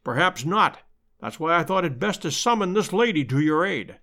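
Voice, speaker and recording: A man reading aloud and voicing a calm, shrewd detective who speaks in a measured, precise way. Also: on the high side. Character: calm, shrewd male detective, middle-aged, dry.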